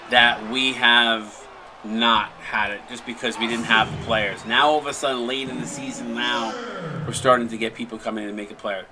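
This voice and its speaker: A man hosting a live stream, mixing casual chat with excited play-by-play calls. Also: medium pitch, noisy background. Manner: chatty, jokey, breaks into excited shot calls. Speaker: play-by-play commentator and stream host.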